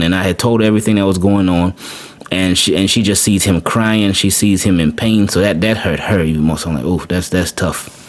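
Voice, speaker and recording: A man hosting a podcast, telling a personal story casually, often repeating words and adding "man". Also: low-pitched. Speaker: podcast host. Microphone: podcast microphone.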